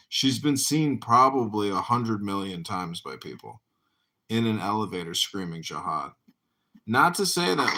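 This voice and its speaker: A man's voice: on the low side, pushed and bright. A man hosting a podcast in casual chat, telling stories in a blunt, profane way. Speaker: podcast host.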